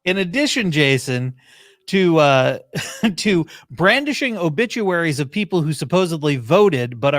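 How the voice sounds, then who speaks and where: A man hosting a podcast in casual chat, animated and wry, swearing freely between asides. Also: high voice, no echo, clean studio sound. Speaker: podcast host.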